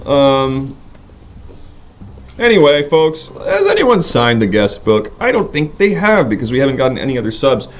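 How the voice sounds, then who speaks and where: A man's voice: medium pitch, big pitch swings, moderate pace. A man hosting a live comedy stream, playful and bantering as he needles his guest. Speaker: host.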